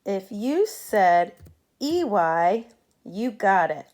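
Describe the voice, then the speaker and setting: Slow, patient woman teaching phonics. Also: mid-range voice, big pitch swings, a little mellow. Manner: slow, clear, patient instruction with modeled sounds. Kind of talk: phonics lesson for young students.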